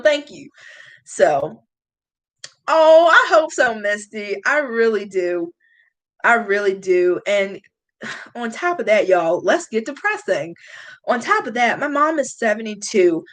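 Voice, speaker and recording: A woman, confiding in casual chat, emotional, sighing often. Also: fairly high pitch. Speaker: beauty vlogger. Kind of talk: casual chat reading live comments.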